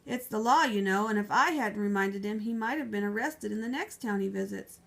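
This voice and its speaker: A woman voicing a flustered small-town male sheriff who shouts in exasperation. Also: mid-range voice, a little fast, gravelly. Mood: apologetic.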